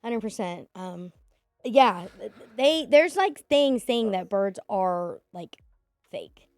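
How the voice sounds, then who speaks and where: A woman's voice: medium pitch, animated, slow pace, darkish tone. A woman comedian with an Oklahoma accent chatting casually on a podcast, laughing often and sometimes dropping to a near whisper. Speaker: comedian guest.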